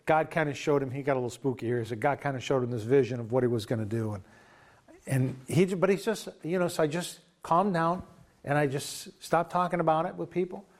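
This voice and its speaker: Guy preaching, pitch a bit high, chatty storytelling w/ quotes. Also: a little fast. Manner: loose conversational retelling with quoted dialogue. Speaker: pastor. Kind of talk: sermon storytelling.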